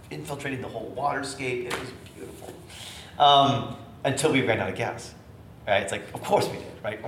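Man telling an animated story, echoey room. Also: mid-range voice. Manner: animated storyteller, acts out voices. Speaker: bishop. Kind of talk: storytelling sermon. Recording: echoey room with faint noise.

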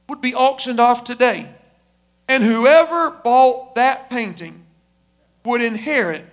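A man voicing a formal male auctioneer who calls out bids loudly and slowly. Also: very high voice, full character voice. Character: formal male auctioneer, insistent then solemn.

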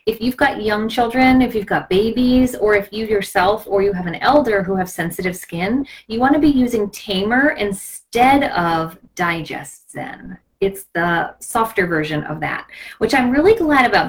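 A woman's voice: medium pitch, normal speed. A woman hosting a live video stream in a casual, gushing and impassioned way, sometimes slipping into a preachy tone. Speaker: host of a live product video.

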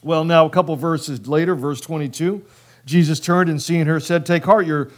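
A male pastor preaching a sermon in an animated, conversational way, acting out biblical dialogue and using casual slang. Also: on the high side. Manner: casual slang, quick bursts.

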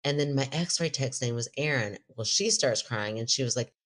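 A woman's voice: rumbling low, normal speed. A middle-aged woman co-hosting a podcast, telling a story in casual chat, laughing often and acting out what people said. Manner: animated storyteller, laughs often, quotes herself in a raised voice. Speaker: podcast co-host.

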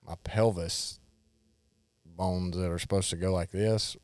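Deep-voiced drawling man. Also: fairly even intonation, measured pace, a little mellow, no echo. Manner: drawling, plainspoken, swears casually. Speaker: rodeo livestock worker telling stories. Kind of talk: casual storytelling chat.

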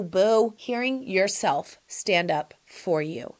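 A woman's voice: mid-range voice, takes it slowly, a little mellow. A woman in her forties hosting a podcast, giving sassy, emphatic advice straight to her listeners in casual chat. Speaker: podcast host answering listener questions.

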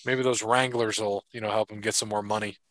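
A man's voice: on the low side, level tone, a little fast, a bit bright, no echo. A man co-hosting a podcast in loose, jokey casual chat, running through sponsor thanks and sports gossip. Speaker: podcast co-host.

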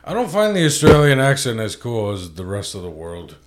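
Joking podcast man, lively voice. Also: medium pitch, fairly quick, background noise. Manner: crude, joking, breaks into impressions. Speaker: podcast co-host. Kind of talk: casual comedy podcast banter.

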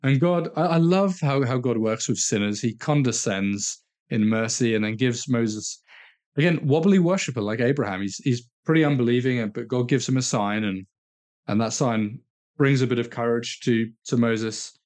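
Male co-host, mid-pitched, lively and emphatic, casual scripture chat with repeated words. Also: normal speed. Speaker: podcast co-host. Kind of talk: casual Bible discussion.

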